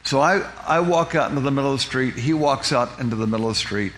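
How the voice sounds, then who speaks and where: A man telling his own testimony in a meandering, storytelling way. He restarts phrases and repeats words as he goes. He describes things in close, vivid detail, and his voice sits at an everyday middle pitch with faint noise behind it. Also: fast, fairly bright tone. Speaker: speaker giving a personal testimony.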